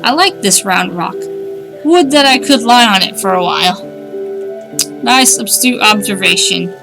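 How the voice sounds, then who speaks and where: A woman's voice: mid-range voice, measured pace, vocal fry, over music. A woman streaming a game, chatting wryly, thinking aloud and reading on-screen text. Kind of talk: casual let's-play commentary.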